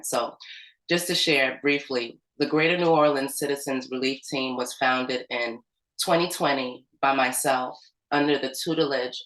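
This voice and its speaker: A woman's voice: very deep voice, a bit bright, roomy sound, low-quality recording. A woman, a community organizer, tells a personal story in a loose, conversational way full of "like" and "um". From United States. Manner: conversational, with fillers like "like" and "um". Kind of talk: storytelling talk at an organizing meeting.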